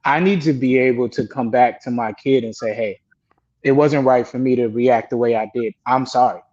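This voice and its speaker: Earnest dad on a panel, lo-fi sound. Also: male voice, medium pitch, normal speed, a little mellow. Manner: earnest, reflective, quotes himself talking to his kids. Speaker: panelist, father of two girls. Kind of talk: candid panel discussion. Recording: dull lo-fi sound.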